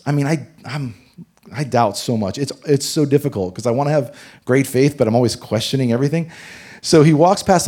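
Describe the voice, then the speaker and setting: A man preaching a sermon, telling a personal story in a lively way that swings between loud and hushed. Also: mid-range voice, husky. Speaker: pastor.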